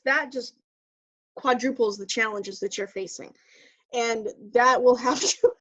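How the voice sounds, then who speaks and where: A woman's voice: high voice, a bit bright, dry recording. Earnest woman on a muffled call. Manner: earnest, repeats words while finding phrasing. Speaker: guest speaker, parent. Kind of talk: earnest advice talk.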